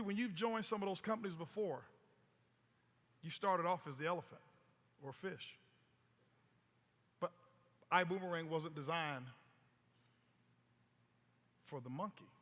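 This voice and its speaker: In a high, bright, forceful voice, a man tells stories on stage to sell network marketing, taking his time and leaving long pauses between lively, rising and falling phrases. Punchy repetition and rhetorical questions mark his motivational talk, echoing with long hall reverb.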